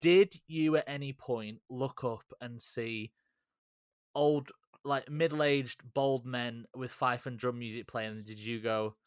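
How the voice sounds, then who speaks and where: A man's voice: medium pitch, steady tone, slow, clear, resonant tone, no echo. A man hosting a podcast in casual chat, rambling, teasing and swearing freely. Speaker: podcast host.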